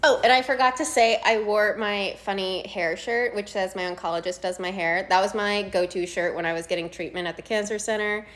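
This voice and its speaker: A young woman speaks in a relaxed, everyday vlog style. She keeps an ordinary middle pitch, fills her talk with little hesitations, and comes across as earnest and open. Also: brisk, few pauses. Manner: chatty, filler-heavy, earnest. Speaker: patient sharing her story.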